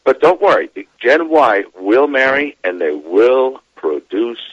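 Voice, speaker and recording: A middle-aged man, a demographer, talking as a guest on a radio show, animated and laughing as he explains. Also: mid-range voice, slow, dry recording, muffled recording. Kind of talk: radio interview.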